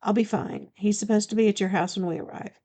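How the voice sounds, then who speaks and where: A woman's voice: mid-range voice, fairly even intonation, quick pace, mellow, natural voice. Woman reading a defensive baby vampire woman. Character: young-looking woman vampire, defensive and proud.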